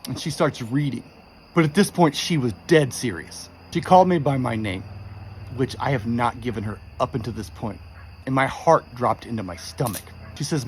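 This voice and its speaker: A man telling a creepy true story in a casual, animated way, quoting the people in it with exasperation. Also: medium pitch, moderate pace, a little hiss or hum. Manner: animated, exasperated retelling with quoted dialogue.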